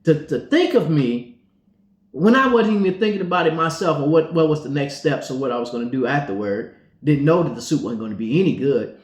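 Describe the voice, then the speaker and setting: A man's voice: a little high, animated, fairly quick. A man co-hosting, telling a faith story in a casual, chatty way and acting out the dialogue with laughs. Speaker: co-host. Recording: roomy echo.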